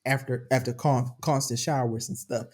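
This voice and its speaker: A young adult woman co-hosting a podcast in casual chat, animated and slangy, with a lot of profanity. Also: rumbling low, normal speed. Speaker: podcast co-host.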